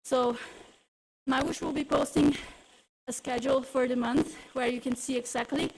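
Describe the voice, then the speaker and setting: A woman's voice: high-pitched, fairly even intonation, normal speed, a little mellow, a little hiss or hum, poor audio. A woman coaching a live indoor cycling workout, out of breath, encouraging riders and cueing them through intervals.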